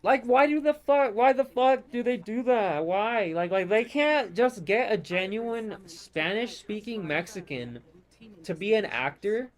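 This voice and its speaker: A man with a fairly high voice rants over gameplay in loose, profane, exasperated bursts. He rambles from one gripe to the next in a casual, unscripted way, like a host talking to his channel. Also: animated, a little slow.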